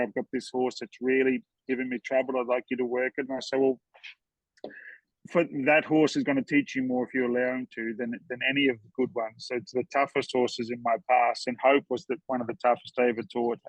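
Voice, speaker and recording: An earnest man telling heartfelt stories in a relaxed podcast chat, often restarting his words. His voice comes through a dull, lo-fi recording with a dry sound and no room echo. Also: medium pitch, fairly quick. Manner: earnest, storytelling, repeats words when moved. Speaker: horseman guest.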